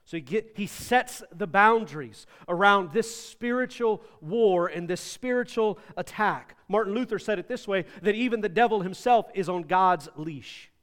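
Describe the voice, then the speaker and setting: Pastor, male, emphatic sermon delivery, high voice, long reverb of a church hall. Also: lively intonation, moderate pace, few pauses. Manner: emphatic, swings between loud and soft.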